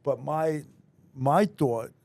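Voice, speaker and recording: A man's voice: fairly high pitch, very slow, vocal fry, a little mellow. A man in his fifties hosting a podcast interview, talking in a blunt, conversational way with casual swearing. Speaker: podcast host.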